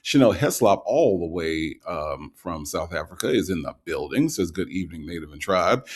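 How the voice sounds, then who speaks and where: A man hosting a livestream, reading out viewer comments and greeting each viewer in a relaxed, casual way with lots of ums, a little tired from the night before. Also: low voice, normal speed, hardly any pauses. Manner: relaxed, greets viewers with repeated hellos, frequent ums and uhs.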